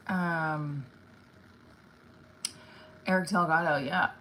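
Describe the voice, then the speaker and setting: A woman's voice: low voice, fairly even intonation, very slow, bright, forceful tone, a little hiss or hum, rough recording. A woman who is an actress chatting casually on her live stream, rambling and candid, with lots of fillers and casual swearing.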